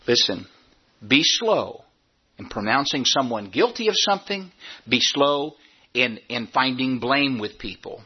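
A man preaching a sermon as a pastor, emphatic, repeating his points and slowing down to stress them. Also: medium pitch, expressive, breathy edge, muffled recording. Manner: emphatic, repeats phrases, slows down for key points.

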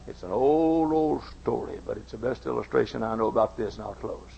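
A man preaching a sermon, telling stories and acting out the voices in them, going from quiet to shouting. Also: mid-range voice, a little fast, gravelly, hardly any pauses. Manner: dramatic, acts out voices, swings from soft to shouting. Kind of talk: sermon with storytelling. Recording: dull lo-fi recording.

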